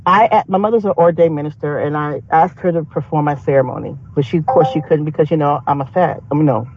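A man co-hosting a podcast in casual chat, animated and profane, laughing often. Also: on the high side, quick pace, lo-fi sound, background noise. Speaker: podcast co-host.

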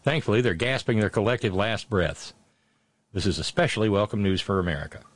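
A man's voice: lowish voice, animated, brisk, dry recording. Guy hosting a talk show, reads listener notes, lots of uhs and restarts, kinda sardonic, dry close sound. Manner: conversational, many filler sounds and restarts; blunt and sardonic in his comments. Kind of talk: reading listener messages and commenting.

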